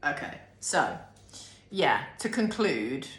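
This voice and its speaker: Low-voiced British woman, slow and earnest. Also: very animated, a bit bright. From United Kingdom. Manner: slow, heartfelt and earnest, with drawn-out pauses. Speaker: spiritual coach. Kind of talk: casual reflective vlog. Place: at home with dogs. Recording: echoey room, faint background noise.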